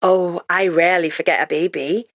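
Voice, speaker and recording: A woman's voice: lowish voice, fairly even intonation, moderate pace, no room sound, highs cut off. A woman voicing a sprightly elderly retired midwife with a faint Scottish accent, motherly and gushing, in an audiobook reading. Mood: warm. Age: older.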